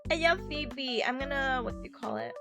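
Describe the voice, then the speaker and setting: A woman streamer chatting casually and bubbling over with excitement, breaking into squeals. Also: high voice, a little fast, over music. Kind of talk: casual recap chat.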